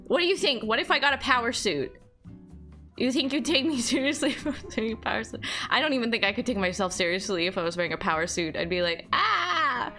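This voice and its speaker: Bright, high-voiced young woman streamer. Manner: rambling, lots of fillers and laughter. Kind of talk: casual chat reading chat aloud.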